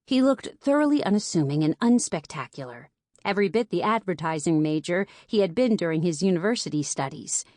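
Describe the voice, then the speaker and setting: A woman narrating an audiobook in an even, clear storytelling manner. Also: lowish voice, fairly quick, no room sound, clean studio sound. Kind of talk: scripted narration.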